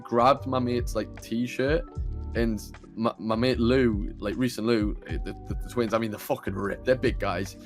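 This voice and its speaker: A young man hosting a podcast, telling a story in a rambling, sweary way full of fillers. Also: medium pitch. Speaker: podcast host. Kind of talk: casual storytelling. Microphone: computer camera mic.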